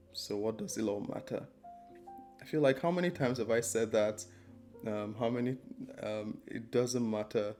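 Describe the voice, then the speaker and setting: A man's voice: fairly low pitch, mellow. A man giving a casual spoken book review, rambling and hesitant with many ums and restarts.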